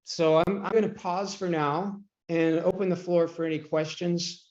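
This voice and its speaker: A man with a fairly high voice leads a live online trading coaching call. He talks in a chatty, loose way and often clears his throat. His voice comes through dull, lo-fi call audio. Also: fairly even intonation, moderate pace, darkish tone.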